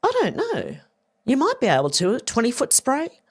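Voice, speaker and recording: A woman's voice: a little high, wildly swooping pitch, slightly rough. An Australian woman hosting a casual livestream, rambling and chatty as she talks to viewers and reads their comments. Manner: rambling, chatty, repeats herself, quick laughs. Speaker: livestream host.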